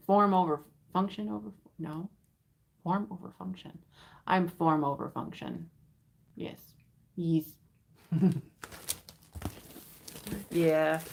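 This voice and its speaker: A tired woman chatting on a live stream while unboxing, giddy and rambling, laughing often. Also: fairly low pitch. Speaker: vintage reseller hosting an unboxing. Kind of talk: casual live-stream chat.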